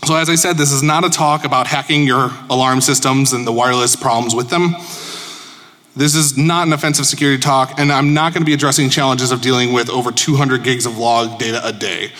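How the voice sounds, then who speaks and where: A man's voice: medium pitch, steady tone, brisk, a bit bright. Joking man speaking in an echoey hall. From Chicago, USA. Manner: joking, informal and self-deprecating. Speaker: conference speaker. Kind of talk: casual conference presentation. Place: conference hall with audience.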